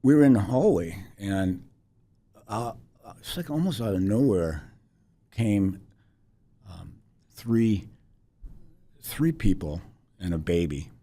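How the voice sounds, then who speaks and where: A man in his sixties, a podcast guest telling a personal story in a halting, reflective way with many restarts. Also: on the low side, expressive, dark tone. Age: 60s.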